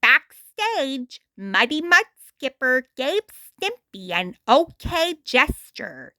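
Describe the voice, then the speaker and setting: A woman reading a storybook aloud with a deliberate, expressive storytelling manner. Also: sits high, no echo, studio quality. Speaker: storytime reader.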